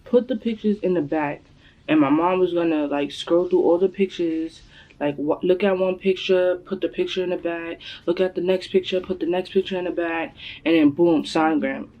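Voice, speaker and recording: Young woman vlogger, casual storytelling, animated quoting, camera mic. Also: moderate pace, dull audio. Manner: animated, acts out quotes in a higher voice.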